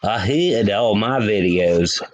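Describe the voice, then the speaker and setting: A man's voice: fairly low pitch, expressive, slow, lo-fi sound. A man hosting a casual livestream, chatting with viewers by name and laughing often. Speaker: livestream host.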